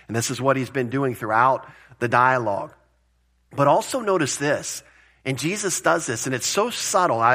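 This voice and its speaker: A man preaching a conversational sermon as pastor, plain-spoken and animated, with joking asides. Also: mid-range voice.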